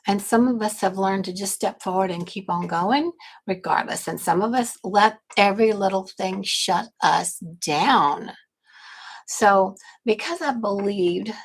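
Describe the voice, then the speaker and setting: A woman's voice: medium pitch, slightly rough, low-quality recording. An older woman from Texas, a grandmother, hosting a casual livestream and chatting to viewers in a rambling, self-correcting way. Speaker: livestream host and business coach.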